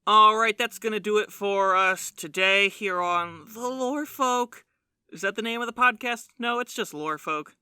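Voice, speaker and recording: A young man co-hosting a podcast with a high, very bright, sharp voice. He jokes and exaggerates, swearing casually. The sound is close and dry. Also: measured pace, clear, resonant tone, no echo. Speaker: podcast co-host. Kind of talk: casual chat.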